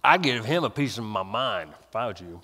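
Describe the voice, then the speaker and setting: A man's voice: lowish voice, very animated, fairly quick, bright, forceful tone, long reverb tail, voice pushed down, exaggerated voice. A man doing a sneaky whispering tempter. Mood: wheedling. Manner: chummy, gossipy, wheedling. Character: sly whispering tempter spirit, smooth and sneaky.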